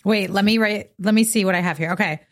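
A woman's voice: medium pitch, fast. A young woman in her twenties co-hosting a podcast, chatting playfully, with lots of "like" and teasing asides. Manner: playful, teasing with filler words. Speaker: podcast co-host. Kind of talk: casual chat.

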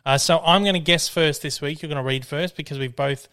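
A man with an Australian accent hosting a casual podcast from his dining room, chatty and quick to laugh. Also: fairly high pitch, pushed and bright, clean tone. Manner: chatty, laughs easily, reads listener emails aloud. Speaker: podcast host.

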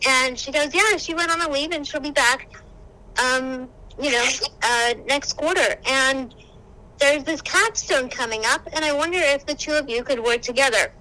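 Bright, animated young woman storyteller. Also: sits high, moderate pace, rough recording. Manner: animated storyteller, exclaims often. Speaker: guest, social work graduate student. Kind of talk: casual conversation.

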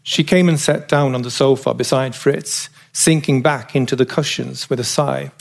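A man reading a novel aloud as narrator, in a measured, wry storytelling manner. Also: mid-range voice, vocal fry. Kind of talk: audiobook reading.

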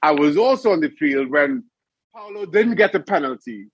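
Man, middle-aged, ex-goalkeeper guest, animated storyteller, husky, dull lo-fi sound. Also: fairly high pitch, moderate pace, no room sound. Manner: animated storyteller, laughs often. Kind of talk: casual interview chat.

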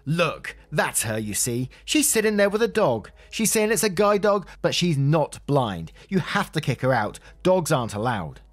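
A man's voice: very animated, normal speed, hardly any pauses, faint music behind. A man voicing a hostile, entitled middle-aged mother who talks in a harsh, accusatory way. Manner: harsh, accusatory, shrill when angry.

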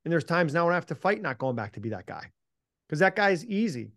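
A man's voice: a little high, sing-song, fast talker, a bit bright, dry recording, clean studio sound. A middle-aged man, a mental performance coach, telling a personal story as a podcast guest in a punchy, emphatic way, casually swearing and calling the listener "man". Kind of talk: animated storytelling in an interview.

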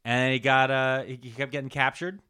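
A man's voice: mid-range voice, little pitch movement, brisk, bright, forceful tone, clean tone. A man co-hosting a podcast, talking through history in casual chat, swearing freely and dropping into mocking quoted voices. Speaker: podcast co-host.

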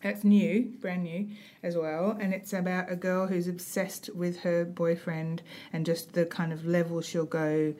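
A middle-aged woman, co-hosting a casual chat, talking quickly and laughing easily. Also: on the low side, a little mellow, a little hiss or hum. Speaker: podcast co-host.

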